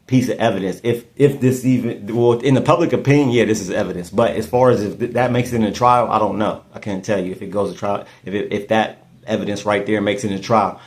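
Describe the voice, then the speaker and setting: A man's voice: on the low side, a little mellow. Man musing aloud on a case podcast. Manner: repeats and restarts words often, thinking aloud. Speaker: podcast host. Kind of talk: casual true-crime commentary.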